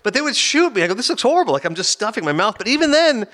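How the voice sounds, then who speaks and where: A man's voice: high voice, racing. A man co-hosting a podcast in casual chat, telling stories with energy and acting out the voices of the people in them. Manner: animated storyteller, acts out quoted voices. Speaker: podcast co-host.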